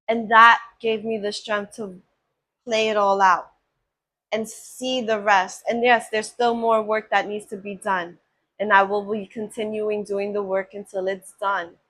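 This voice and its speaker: Slow, bright-voiced woman giving spiritual guidance. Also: medium pitch, level tone. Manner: slow, earnest and affirming, often checks in with "right?". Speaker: spiritual card reader. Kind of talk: spiritual oracle card reading.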